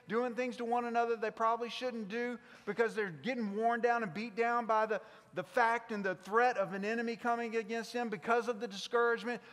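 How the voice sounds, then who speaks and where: A man with a South Mississippi accent preaching a sermon, swinging between loud passion and hushed intensity. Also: extremely high pitch, long reverb tail. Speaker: pastor.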